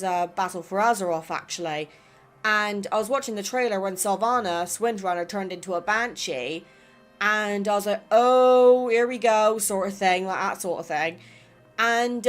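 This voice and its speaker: A gaming YouTuber from England reads viewer comments aloud on her channel, her medium-pitched voice slightly bright. Her West Country accent carries a touch of American, and she chats casually, rambling and doubting herself.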